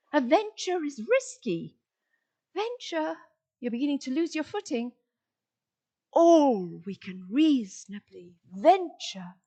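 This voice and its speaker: A woman giving a lecture in an expressive, playful way, acting out inner voices and drawing out single words, often asking the audience questions. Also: fairly high pitch. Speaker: summer school lecturer. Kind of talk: expressive lecture on word meanings.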